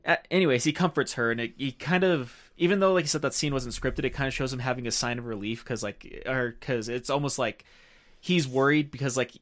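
Fast-talking man rambling about a film. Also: mid-range voice, a bit bright. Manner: rapid, rambling, many "like" fillers. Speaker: podcast co-host. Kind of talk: casual film discussion.

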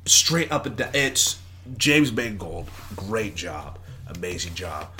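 A young man co-hosting a casual podcast, talking in a playful, jokey, animated way. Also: low-pitched, slow pace. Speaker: podcast co-host. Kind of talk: casual chat.

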